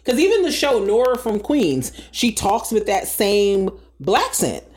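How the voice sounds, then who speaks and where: A woman co-hosting a casual chat show, sassy and animated, rattling off opinions with mocking quoted asides. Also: mid-range voice, a little slow. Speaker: podcast co-host.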